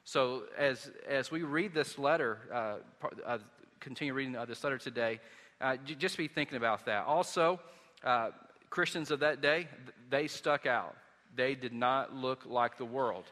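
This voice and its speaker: A man's voice: mid-range voice, moderate pace, bright, forceful tone. A man with a Southern American accent preaching a sermon as a pastor, telling stories conversationally with frequent restarts. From Southern United States. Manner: conversational storytelling with many restarts. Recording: long hall reverb.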